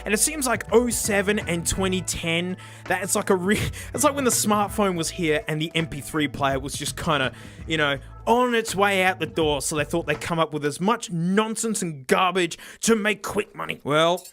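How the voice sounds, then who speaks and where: A young man doing a sarcastic, animated unboxing review, breaking into shouts and laughs. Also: high voice, normal speed, faint music behind. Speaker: tech reviewer.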